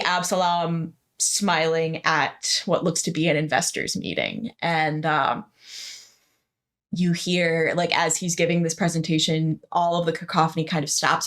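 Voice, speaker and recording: A woman's voice: low-pitched, fairly bright tone. A woman narrating a tabletop game as the game master. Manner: descriptive, unhurried.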